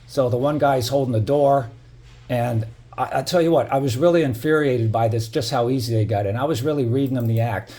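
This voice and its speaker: Brisk and darkish at a medium pitch, a middle-aged man narrates his building's security footage for a casual vlog. He tells it hotly and profanely, with plenty of "you know" thrown in.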